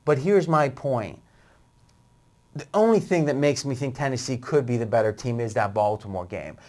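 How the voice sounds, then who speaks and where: A man's voice: medium pitch, moderate pace, a little mellow. Argumentative male sports betting host. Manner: pushes back and argues his point.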